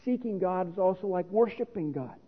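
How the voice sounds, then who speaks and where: Husky high-voiced man preaching. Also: animated, brisk. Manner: teaching, explanatory, earnest. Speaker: pastor. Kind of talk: sermon. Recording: reverberant hall on a phone-like line.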